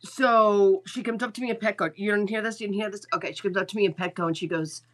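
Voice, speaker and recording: A woman's voice: mid-range voice, steady tone, fast, few pauses. A woman hosting a live stream as a psychic medium, chatting casually and telling stories, often repeating her lines and swearing freely. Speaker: psychic medium livestream host. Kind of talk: casual livestream chat and storytelling.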